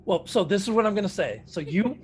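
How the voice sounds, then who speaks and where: A man narrating a tabletop game as dungeon master, describing scenes in a steady, measured way. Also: high voice.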